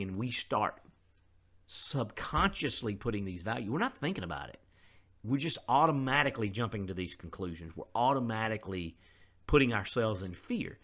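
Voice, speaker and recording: A man's voice: medium pitch, a bit bright. A middle-aged man, hosting a podcast in an earnest, conversational way and openly admitting his faults. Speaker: podcast host. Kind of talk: candid motivational podcast monologue.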